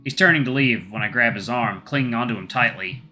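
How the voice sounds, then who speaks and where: Man softly narrating a visual novel. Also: medium pitch, fairly quick, faint music behind. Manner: soft first-person narration, crude asides. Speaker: gaming channel host. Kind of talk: reading a visual novel aloud with commentary.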